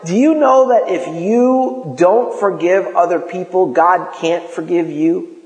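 A man preaching a sermon in a lively, conversational way, acting out quotes as he goes. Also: sits high, slow. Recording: echoey hall.

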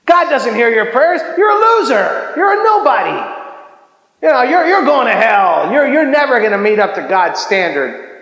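A man voicing a taunting, mocking tempter who shouts accusations, in an echoey hall. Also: extremely high pitch, very animated, normal speed, highs cut off, voice pushed up, full character voice. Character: taunting male tempter voice of the enemy.

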